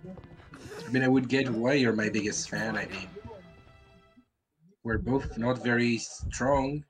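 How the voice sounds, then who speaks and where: A man's voice: medium pitch, slow pace, over music, rough recording. Dry teasing gamer man. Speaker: co-streamer. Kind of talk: live gameplay chat.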